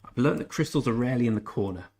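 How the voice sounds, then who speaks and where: A man's voice: medium pitch, expressive, very fast, darkish tone. A man casually commenting while playing a strategy game on a live stream, chatting with viewers and muttering to himself as he goes. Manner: chatty, reads chat aloud, mutters to himself. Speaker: gaming streamer.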